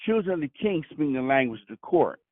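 A man's voice: a little high, big pitch swings, fast, no echo. Brooklyn-man calling in by phone. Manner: stammering restarts, keeps saying "you know what I'm saying". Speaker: caller. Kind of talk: casual testimony on a call. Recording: dry tinny phone line.

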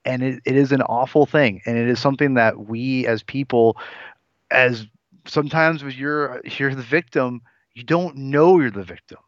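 A man's voice: mid-range voice, normal speed, dry recording. Man in his 40s on a podcast, earnest and rambly, keeps restarting sentences, kinda muffled dry audio. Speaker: podcast co-host. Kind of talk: casual podcast discussion. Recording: dull lo-fi dry sound.

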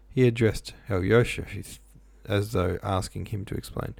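A man reads a novel aloud in a low voice with a gravelly edge and a dark, mellow tone. His reading is plain, and his asides are offhand and casual, filled with "like". The sound is close and dry. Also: fairly even intonation, fairly quick, hardly any pauses, dry recording. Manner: offhand, says "like" a lot. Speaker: reader.

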